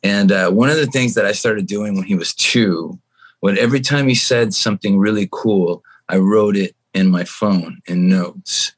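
Husky man in casual podcast chat. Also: moderate pace. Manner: animated storyteller, jumps to a high voice quoting his son. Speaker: guest musician.

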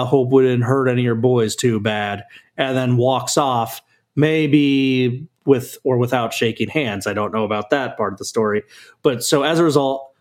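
A man co-hosting a casual sports podcast, telling long rambling stories and laughing often. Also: medium pitch. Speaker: blogger and podcast co-host.

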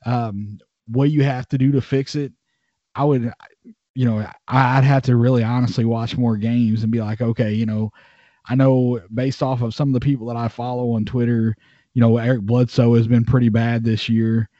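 A man co-hosting a sports podcast, halting and leaning on "you know" as he thinks through his points. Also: mid-range voice, little pitch movement, mellow, dry recording, muffled recording. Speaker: podcast co-host. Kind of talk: casual sports podcast chat.

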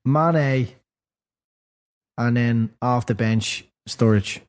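A man joins a casual football podcast, speaking with confidence and casual swearing. His voice sits at an average male pitch. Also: very slow, a little hiss or hum. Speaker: podcast panelist.

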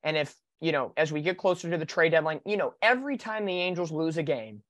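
A man hosting a sports podcast, talking in an animated, opinionated way in casual chat. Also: on the high side, quick pace, no echo. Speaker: podcast host.

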